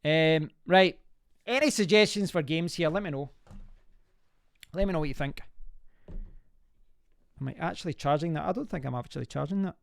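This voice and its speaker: A man's voice: fairly high pitch, normal speed, creaky, pauses often, no echo. A man chatting casually to viewers during a live stream, reacting aloud to the game as he plays and rambling into stories. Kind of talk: casual live-stream chat while playing.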